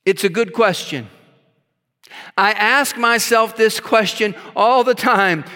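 A man's voice: high voice, takes it slowly, sharp tone, clear, resonant tone. A man preaching a sermon, reading scripture aloud and stopping to stress words with his own asides. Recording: long hall reverb.

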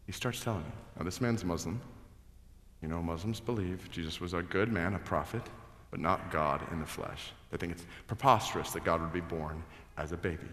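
A middle-aged man preaching a sermon as pastor, moving from hushed scripture reading to loud, excited storytelling. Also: deep voice. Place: large church hall. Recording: echoey hall reverb.

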